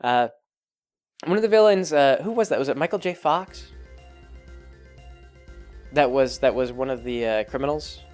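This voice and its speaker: A man's voice: medium pitch, moderate pace, pauses often, a little mellow, soft background music. A man hosting a vlog in loose, rambling casual chat, full of filler words and chuckles. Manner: chuckles as he talks. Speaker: vlog host.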